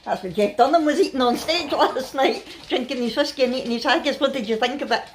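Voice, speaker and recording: A middle-aged woman with a Scottish accent chats in a family vlog from her bed at home. She sounds worn out but relaxed and laughs often. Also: high-pitched, fast talker, slight background noise. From Scotland. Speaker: family vlogger. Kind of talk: casual chatty vlog.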